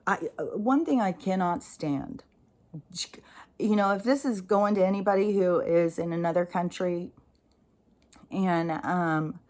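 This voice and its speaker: A woman's voice: lowish voice, unhurried, a little mellow. Profane, fired-up American woman ranting. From United States. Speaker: spiritual vlogger. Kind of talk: casual spoken monologue.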